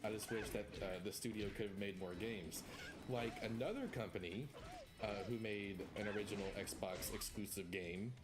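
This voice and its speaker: Male streamer, low-ish voice, chatty and self-mocking, with game music playing underneath. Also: normal speed. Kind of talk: casual gameplay chat.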